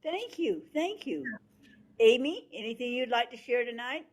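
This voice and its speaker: A woman's voice: a little high, animated, normal speed. A woman leading a class discussion over a video call, with brief, encouraging remarks. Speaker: discussion leader.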